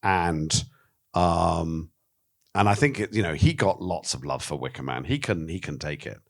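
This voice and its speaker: Man, very low voice, candid interview talk, animated storytelling, swears freely. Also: unhurried, creaky. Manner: frank and animated, swears, acts out quoted voices. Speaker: documentary filmmaker, interviewee.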